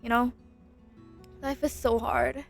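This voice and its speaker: A young woman streams and chats into a close desk microphone, her voice sitting high and light. She rambles, giggles, and repeats herself when she gets flustered. Faint music plays quietly in the background. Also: little pitch movement, takes it slowly, gravelly. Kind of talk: casual livestream chat while eating. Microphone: close desk mic.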